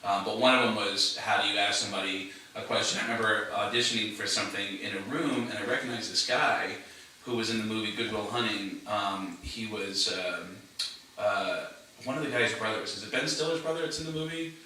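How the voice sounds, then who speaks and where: A man's voice: on the low side, a little fast, pushed and bright, slight background noise. A man who is a comedian, telling self-deprecating anecdotes and asking questions in a rambling casual chat. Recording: echoey room, distant mic.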